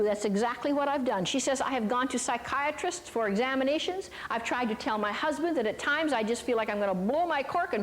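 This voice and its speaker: A high-pitched older woman preaching to a live audience, recorded in a reverberant hall. She tells her stories in a chatty, folksy way and keeps checking in with her listeners. She often asks them little questions along the way. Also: expressive, a little fast, hardly any pauses, a little hiss or hum. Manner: chatty, folksy, with lots of asides and tag questions. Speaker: teacher of a Christian ministry. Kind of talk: sermon with storytelling.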